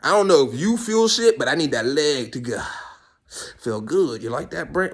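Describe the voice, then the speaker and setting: A man rambling in a casual comic monologue, swearing and arguing with himself in quick back-and-forth. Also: on the high side, animated. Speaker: vlogger.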